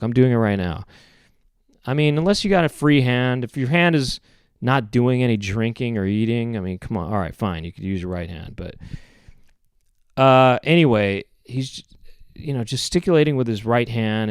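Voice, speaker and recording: A man hosting a podcast, telling a rambling comic story in a deadpan way, full of fillers and self-corrections. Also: medium pitch, normal speed, clear, resonant tone, no echo, clean studio sound. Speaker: podcast host. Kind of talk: rambling comedic monologue.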